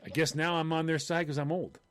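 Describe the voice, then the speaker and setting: A man's voice: on the high side, a little fast, dry recording. An older man co-hosting a casual podcast over a video call, telling funny stories and acting out the voices of the people in them. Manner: animated, acts out quoted voices in stories. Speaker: podcast co-host.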